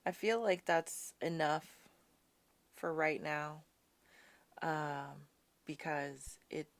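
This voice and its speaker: Slow-talking impassioned woman host. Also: low-pitched, vocal fry. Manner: impassioned, ranting, addresses audience as y'all; quotes and mocks opponents in a sassy tone. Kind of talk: live political talk show.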